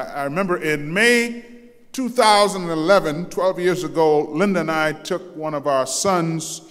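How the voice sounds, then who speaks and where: An older man delivers a sermon as pastor at an unhurried pace. His voice sits high for a man, and he brings anecdotes to life by acting out the quotes. Long reverb from the church hall trails behind every phrase. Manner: storytelling with acted quotes and animated shifts in pitch. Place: large church sanctuary.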